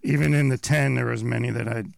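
Man, radio co-host, gravelly, wry humor, casual, dry studio sound. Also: medium pitch, steady tone, quick pace, dry recording. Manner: wry quips.

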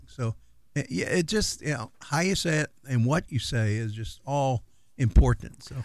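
A man's voice: mid-range voice, normal speed, a little mellow, no echo. A middle-aged man co-hosting a radio show in loose, rambling casual chat with many fillers. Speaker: radio co-host.

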